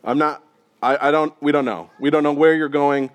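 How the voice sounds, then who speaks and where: A man's voice: fairly high pitch, fairly even intonation, normal speed, clean tone, voice pushed down, lightly acted. A man voicing a confused, bewildered male disciple who stammers and hesitates. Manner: stammering, unsure.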